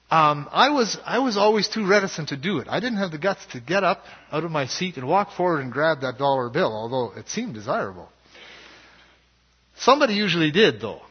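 A man preaching a sermon as pastor, in a measured and earnest way. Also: fairly high pitch, slightly rough. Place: church sanctuary. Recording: dull lo-fi sound with long hall reverb.

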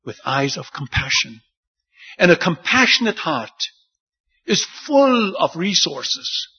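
Animated preacher man, lively pitch. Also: takes it slowly, breathy edge. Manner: animated, acts out the disciples' lines with rising pitch. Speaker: pastor. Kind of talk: sermon. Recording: dull lo-fi sound.

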